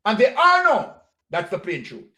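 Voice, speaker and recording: A man's voice: high voice, wildly swooping pitch, moderate pace, bright, forceful tone. A man with a Jamaican accent giving a combative political commentary, directly accusing the person he talks about. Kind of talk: monologue commentary.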